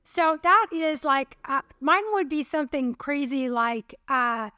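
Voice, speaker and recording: This is a middle-aged woman co-hosting a casual podcast. Her voice sits high, and she jokes at her own expense as she chats. The sound is dry and close, with no room echo. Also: lively intonation, measured pace, sharp tone. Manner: chatty, playful, self-mocking. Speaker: podcast co-host. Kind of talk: casual chat.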